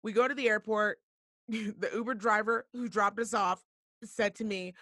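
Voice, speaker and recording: A woman hosting a talk show, telling a story in a blunt, profane and animated way. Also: mid-range voice, measured pace, no room sound, clean studio sound. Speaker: podcast host. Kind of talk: casual storytelling.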